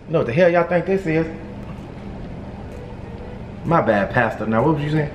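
Male comic for a phone-call sketch, animated and joking, in a roomy space. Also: fairly high pitch, moderate pace, pauses often, faint music behind. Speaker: comedy skit creator. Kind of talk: comedic phone call skit.

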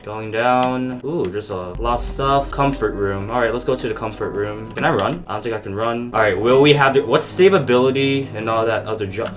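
Male gamer, mid pitch, jumpy, curses at the game, game music behind. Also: normal speed, few pauses. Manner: jumpy, swears and talks back to the game. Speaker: gaming YouTuber. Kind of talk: gameplay commentary.

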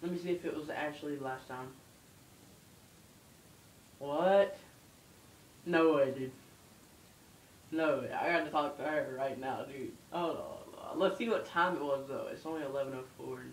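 A man's voice: fairly high pitch, measured pace, pauses often, slight background noise. Loopy groggy young man, echoey room. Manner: rambling, slurred, giggly storytelling. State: groggy and loopy after dental anesthesia. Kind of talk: casual home video rambling. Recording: echoey room, far from the mic.

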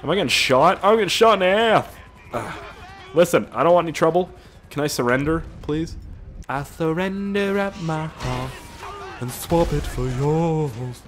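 A man giving casual, rambling gameplay commentary, excitable and swearing often. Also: on the high side, normal speed, soft background music. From Canada. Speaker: gaming YouTuber.

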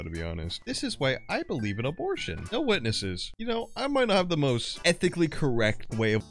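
Sarcastic young man with a lively voice. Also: medium pitch, fast, few pauses, faint music behind. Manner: sarcastic, joking, with sudden loud squeals. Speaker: gameplay YouTuber. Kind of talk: gameplay commentary.

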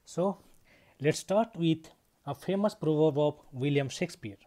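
A man with a slightly higher voice teaches an English grammar lesson. He explains each point step by step, repeats the key ideas and keeps checking in with his students. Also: measured pace, dark tone.

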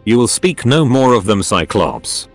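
A man's voice: mid-range voice, sing-song, a little slow, faint music behind. Synthetic man voicing a scornful alien elder. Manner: scornful, haughty. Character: proud, bitter old male alien elder. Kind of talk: synthetic storybook narration.

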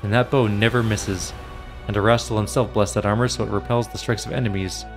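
A man's voice: fairly low pitch, fairly even intonation, a little fast. Male let's play host narrating game text, faint music behind. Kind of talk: reading game text aloud.

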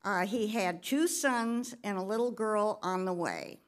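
A woman's voice: mid-range voice, measured pace. A pastor's wife giving a personal testimony during a church service, telling her story in a conversational way with occasional fillers.

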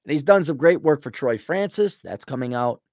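A man's voice: on the high side, normal speed, no room sound, studio quality. A middle-aged man ranting bluntly and sarcastically in a vlog monologue. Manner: blunt, sarcastic, animated, mocks others in put-on voices. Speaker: vlogger.

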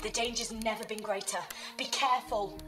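A woman's voice: on the high side, steady tone, normal speed, far from the mic, close to an everyday voice, rough recording. A woman playing a female time-traveling hero in a video game, telling an earnest story and giving urgent warnings. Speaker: game character. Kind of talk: game voice acting. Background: game music.

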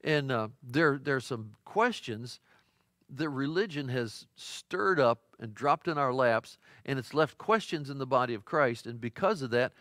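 Man, pastor, conversational sermon, folksy storytelling, mid pitch, dry recording. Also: expressive, unhurried, a bit bright, no room sound. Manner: conversational, folksy storytelling with many fillers and restarts. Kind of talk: sermon teaching.

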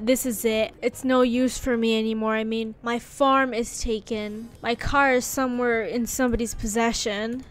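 A woman hosting a gaming channel, talking through gameplay in casual commentary, excitable and rambling, often breaking into exclamations. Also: a little high.

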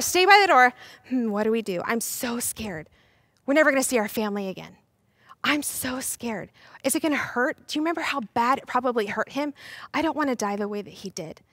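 A woman voicing a frightened group of male disciples hiding behind a locked door, panicky and hurried. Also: no room sound, clean studio sound. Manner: panicky, breathless, high and hurried.

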